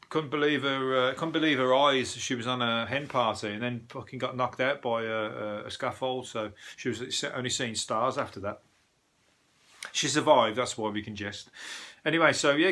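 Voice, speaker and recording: Sweary Brummie comedian, bright voice. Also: male voice, medium pitch. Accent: Birmingham. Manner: rambling, sweary, laughs at own jokes. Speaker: comedian and podcast host. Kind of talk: casual solo news chat.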